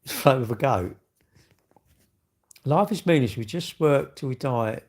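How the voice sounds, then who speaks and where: A man's voice: medium pitch, animated, a little slow. Middle-aged guy w a rambling on his live, cracking jokes at himself. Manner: rambling, jokey, self-mocking banter. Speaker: livestream host. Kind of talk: casual chat reading viewer comments.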